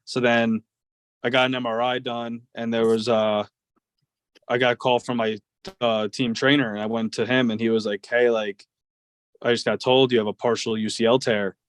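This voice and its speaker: Young man rambling, flat voice. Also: mid-range voice, normal speed, dry recording. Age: 20s. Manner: rambling, many fillers like "like" and "uh". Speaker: guest, professional baseball player. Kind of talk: casual interview storytelling.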